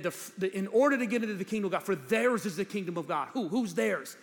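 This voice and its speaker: A man preaching a sermon as pastor, animated, swinging from loud preaching to low asides. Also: fast. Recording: long hall reverb.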